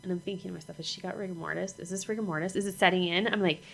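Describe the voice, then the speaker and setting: Woman, middle-aged, low gravelly voice, personal storytelling, halting and repetitive, acts out dialogue. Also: steady tone, low-quality recording. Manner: halting, repeats herself, acts out what was said. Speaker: mother sharing her story.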